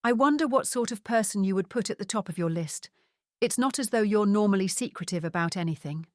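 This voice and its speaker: A woman's voice: mid-range voice, expressive, a little fast, a little mellow, no echo, studio quality, lightly acted. A woman voicing a sarcastic, clipped-spoken woman nearing fifty. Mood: teasing. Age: late 40s. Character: sharp-tongued nearly fifty woman investigator.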